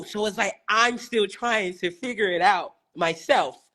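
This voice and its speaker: A woman's voice: mid-range voice, moderate pace, few pauses, fairly bright tone. A young woman calling into a live stream, talking in an emotional, rambling and effusive way. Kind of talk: casual chat.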